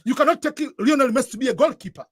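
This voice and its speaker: A man's voice: extremely high pitch, lively intonation, racing, slightly rough, dry recording. A man from East Africa with an East African accent, giving earnest advice in a casual chat and often repeating and restarting his phrases. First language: Swahili. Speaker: guest giving advice to newcomers.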